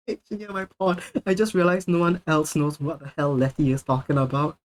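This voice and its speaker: A man's voice: fairly high pitch, flat delivery, normal speed, long pauses, slight background noise. Playful, jokey male streamer. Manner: playful, jokey, laughs often; speaking between bites of food. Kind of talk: casual live-stream chat.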